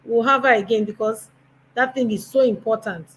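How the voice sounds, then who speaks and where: A woman's voice: fairly high pitch, normal speed, a little hiss or hum, poor audio. A woman with a Nigerian accent hosting a conference, chatty and bantering with the audience. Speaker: conference host. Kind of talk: casual stage hosting.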